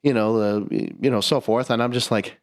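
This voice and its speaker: With a steady, mid-range voice and a brisk pace, a young man co-hosting a podcast tells a story in casual talk. He swears a lot, laughs mid-sentence, and restarts his words.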